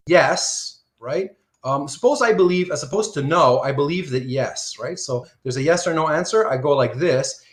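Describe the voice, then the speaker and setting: The voice is a man's, on the high side and fairly bright, recorded in a roomy-sounding space. He's a philosophy lecturer in Surrey, Canada, giving a casual live class online, reading students' comments aloud and saying "right?" after nearly each point.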